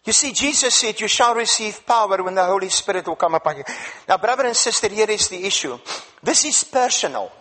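High-voiced emphatic preacher man. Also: lively intonation, a little fast, bright, forceful tone. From Africa. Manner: emphatic, repeats words, asks the congregation questions. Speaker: guest preacher. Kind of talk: sermon.

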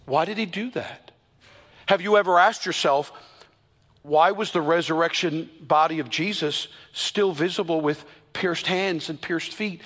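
High-voiced man preaching in an echoey hall. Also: pushed and bright. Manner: emphatic, slows down to stress scripture quotes. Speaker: pastor. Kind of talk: sermon. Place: church sanctuary.

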